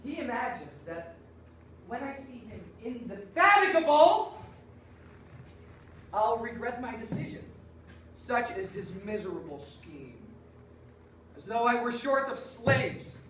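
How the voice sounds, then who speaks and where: Woman acting pompous cruel male master, theatrical, slow measured delivery, distant stage sound. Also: on the high side, big pitch swings, fairly bright tone, a little hiss or hum, full character voice. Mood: scornful. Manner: grandiose, commanding, swings into overwrought wailing. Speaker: student actor. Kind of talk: student stage performance. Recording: roomy stage sound from far off.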